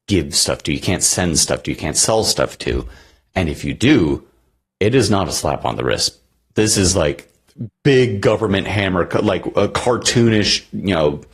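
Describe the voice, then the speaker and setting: A podcast co-host chats casually, rambling and using many fillers. He has a low, husky voice.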